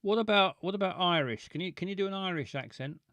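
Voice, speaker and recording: A man's voice: high-pitched, fast talker, fairly bright tone, dry recording. A man chatting casually and jokily, often stumbling and repeating his words as he reads out viewer questions. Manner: stammering, repeats words, jokey. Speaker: streamer reading viewer questions. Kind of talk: casual chat.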